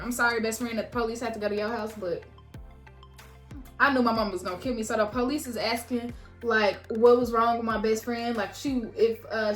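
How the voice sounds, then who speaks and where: Animated young woman, echoey room, high voice. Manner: animated, swings into loud high-pitched quotes of herself and others; casual and frank, swears freely, chats to viewers as "y'all". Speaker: beauty vlogger. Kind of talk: storytime while doing makeup. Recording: echoey room with faint background music.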